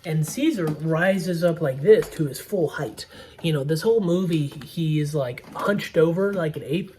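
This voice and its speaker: A man's voice: a little high, a little slow, mellow, slight background noise. A young man casually recapping a movie plot, rambling with lots of fillers and the odd swear word. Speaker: movie podcaster. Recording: voice a bit distant from mic.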